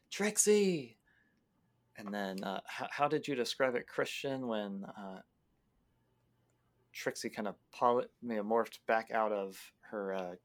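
A man, a player, casually recounting his character's moves in a tabletop game, hesitant and full of restarts. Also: lowish voice. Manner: hesitant, many fillers and restarts.

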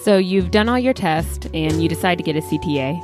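A woman's voice: lowish voice, animated, a little fast, darkish tone, soft background music. A woman hosting a medical podcast, reading scripted segment intros in a guiding, question-posing way. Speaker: podcast host.

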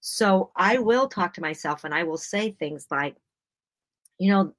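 A woman's voice: fairly low pitch, animated, measured pace, a bit bright, no room sound. A woman co-hosting a casual faith-based podcast chat, earnest and encouraging, often acting out her own self-talk. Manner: earnest, encouraging, quotes herself aloud. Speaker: podcast co-host.

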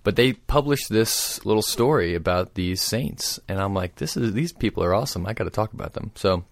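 Man, co-host, enthusiastic storyteller, low voice, dry mic sound. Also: expressive, a little fast, dry recording. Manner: enthusiastic storyteller, laughs often. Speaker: podcast co-host. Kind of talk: casual chat, storytelling.

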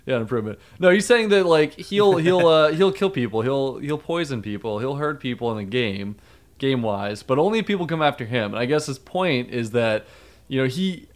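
A man in a relaxed podcast chat, with a voice neither high nor low. He rambles easily, leaning on fillers and breaking into laughter. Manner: chatty, laughs often, many fillers. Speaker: podcast co-host. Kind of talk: casual chat.

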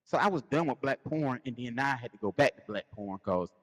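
Southern guy on a podcast, tells stories all over the place pitchwise, lots of echo behind him. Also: a little fast. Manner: animated storytelling, acts out quotes. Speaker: podcast co-host. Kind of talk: casual chat.

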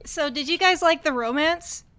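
A woman's voice: high voice, normal speed, pushed and bright, dry recording. A woman co-hosting a casual chat, asking lots of questions. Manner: inquisitive, asks lots of questions. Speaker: podcast co-host.

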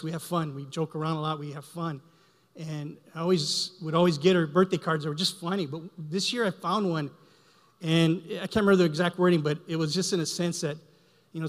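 A middle-aged man giving a heartfelt, halting church testimony, often repeating words as he speaks. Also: on the high side, fairly even intonation. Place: church sanctuary. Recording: long hall reverb.

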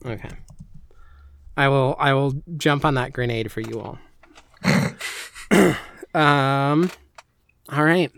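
A man's voice: mid-range voice, slow, vocal fry, pauses often, fairly bright tone, a little hiss or hum. A man hosting a casual podcast chat, hesitant and full of ums as he organizes the group. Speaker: podcast host.

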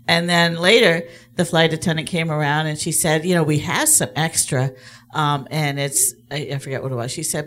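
Low-voiced woman telling a story. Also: fairly even intonation, fairly quick, a bit bright. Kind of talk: telling a personal story to an audience.

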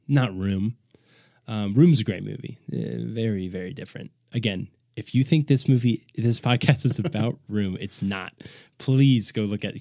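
A young man hosting a podcast, chatting casually and rambling with quick restarts. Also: mid-range voice, a little mellow, no echo, clean studio sound. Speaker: podcast host.

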